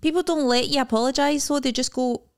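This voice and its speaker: A woman with a Scottish accent co-hosting a podcast in casual chat, wry and chatty, often chiming in with quick agreement. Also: sits high. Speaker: podcast co-host.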